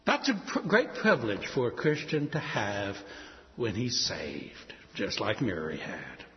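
An older man preaching a sermon, telling stories and acting out voices with sudden high leaps. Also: a little slow. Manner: animated, acts out quoted voices with big pitch leaps. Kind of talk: sermon storytelling. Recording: dull sound with long hall reverb.

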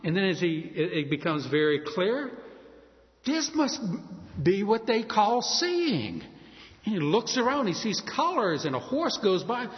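A male preacher telling a story in a sermon, animated and acting out the scenes. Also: high voice, measured pace. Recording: dull recording with long hall reverb.

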